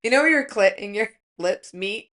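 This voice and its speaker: A woman's voice: mid-range voice, lively intonation, normal speed, a bit bright. Blunt, profane middle-aged woman. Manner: blunt, profane, laughing storyteller. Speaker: podcast guest. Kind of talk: casual chat.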